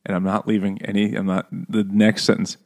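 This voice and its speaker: A man with a somewhat low voice talks loosely about a novel with friends. He laughs a lot, swears freely and jumps into animated quotes of the characters. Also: brisk, vocal fry. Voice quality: profane, laughing often, animated quoting. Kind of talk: casual book discussion.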